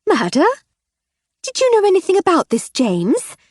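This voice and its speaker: A woman voicing a fussy, sharp-tongued wealthy wife in her fifties in an audiobook. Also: a little high, sing-song, measured pace, husky, no room sound, clean studio sound, voice pushed up, exaggerated voice. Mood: fussing. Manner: gushing, then icy and sharp. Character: shrill fussy rich middle-aged wife.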